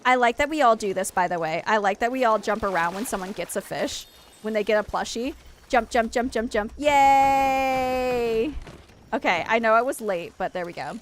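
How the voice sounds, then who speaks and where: A young adult woman hosts a game stream, talking fast in a mid-range, slightly bright voice. She chats loosely while playing, rambling with heavy use of "like" and frequent restarts. There's slight background noise.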